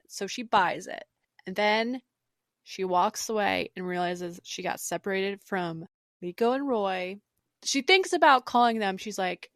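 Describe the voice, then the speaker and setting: A woman's voice: mid-range voice, a little slow, no room sound, studio quality. A woman co-hosting a podcast, telling an episode's plot in casual, storytelling chat. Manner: storytelling, warmly recounting scenes. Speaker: podcast co-host.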